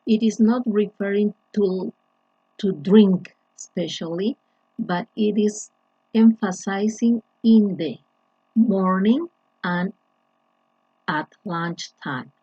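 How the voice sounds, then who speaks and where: A woman walks through an English grammar lesson at an unhurried pace, restarting phrases and filling pauses as she goes. Her voice is mellow and slightly husky. The recording is dull and lo-fi, with a dry, close sound. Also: mid-range voice, dry recording. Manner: slow, deliberate, with frequent restarts and fillers. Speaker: English teacher.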